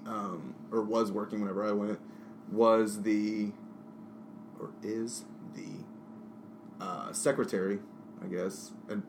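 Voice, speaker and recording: A podcast co-host with a voice on the low side tells rambling, profane stories while drinking during a casual chat. Background noise is audible.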